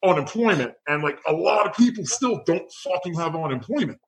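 A man with a somewhat high voice co-hosts a podcast in relaxed chat. He talks loosely, with many fillers and casual swearing. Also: a little fast, vocal fry, rough recording. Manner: loose, profane, filler-heavy.

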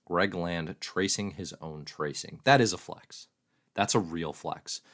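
A man's voice: deep voice, measured pace, fairly bright tone. A man hosting a casual livestream, joking and mocking himself as he answers viewer questions aloud. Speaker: comics livestream host.

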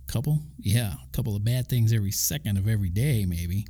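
A man talks through a devotional message in a relaxed, chatty way, tossing in asides and little chuckles. His voice sits low and sounds very dark and mellow. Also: fast talker. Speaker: Christian podcast host. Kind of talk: casual devotional talk.

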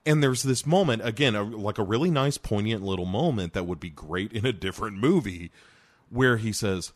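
A man's voice: fairly low pitch, animated, normal speed. A man co-hosting a casual film review chat, giving wry, sarcastic commentary with the odd curse. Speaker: podcast co-host reviewing a film.

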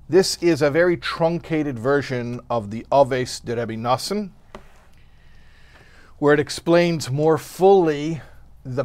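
A man's voice: mid-range voice, no room sound. A man giving a weekly Torah lesson who reads Hebrew verses and then translates them. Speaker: Torah teacher.

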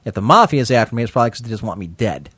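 A man's voice: medium pitch, lively intonation, very fast, a bit bright, breathy edge, no room sound. Blunt joking man, dry close sound. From Ohio. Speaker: podcast co-host. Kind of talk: casual chat. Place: Cleveland.

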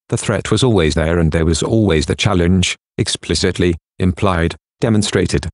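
A man hosting a podcast, reading scripted narration and reflective questions in a measured way. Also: sits low, darkish tone, dry recording, studio quality.

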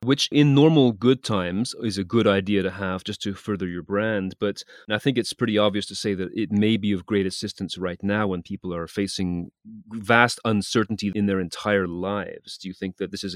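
A man hosting an interview who talks in a measured, reflective way and asks long questions. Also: fairly low pitch, steady tone, no echo, studio quality. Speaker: interview host. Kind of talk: conversational interview.

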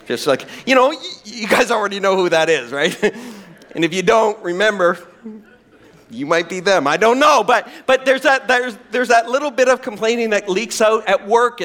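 A man preaching a sermon as pastor, animated and playful, sometimes acting out whiny voices. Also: sits high.

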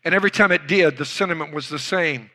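A man preaching with a bright, ringing tone and a slightly high voice. He tells his story dramatically, swinging between loud bursts and near-hushed lines. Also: fast. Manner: dramatic retelling with acted quotes, loud bursts and hushed drops. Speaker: pastor. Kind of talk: sermon storytelling.

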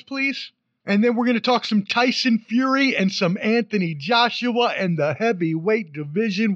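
Man, podcast host, playful, hyped, rambling, higher voice, dry sound. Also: a bit bright, dry recording, highs cut off. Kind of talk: casual podcast intro.

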